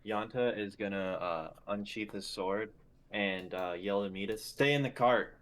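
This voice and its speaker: A man's voice: fairly low pitch, unhurried, fairly bright tone. A man playing a character in a tabletop game, laid-back and wry. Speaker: player.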